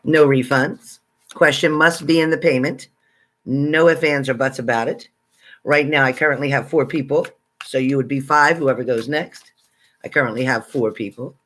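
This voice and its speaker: A man hosting a casual livestream, chatting with viewers and greeting them by name, excitable and exclamatory. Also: mid-range voice, normal speed. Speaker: livestream psychic reader. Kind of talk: casual live chat with viewers.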